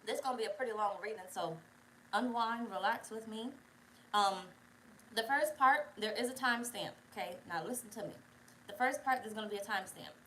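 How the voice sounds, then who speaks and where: A woman's voice: a little high, a little fast, fairly bright tone, a little hiss or hum, poor audio. A young woman hosting a casual tarot livestream, chatty, profane and digressive, bossing her viewers around. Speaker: tarot reader, channel host.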